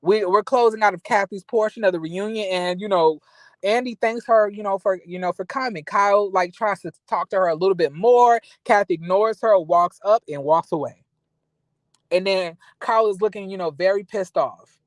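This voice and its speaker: A man's voice: high voice, moderate pace, no room sound. A man giving a casual recap of a reality TV reunion, blunt and slangy, swearing freely and addressing the cast directly. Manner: animated, blunt, profane, slangy.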